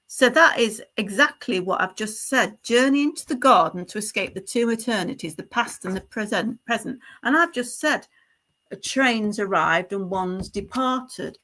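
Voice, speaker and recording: Speaking directly to her sitter, a psychic medium with a bright, mid-range voice stumbles through a reading in a halting, stream-of-consciousness way. She restarts often, uses plenty of fillers, and keeps checking in with tag questions.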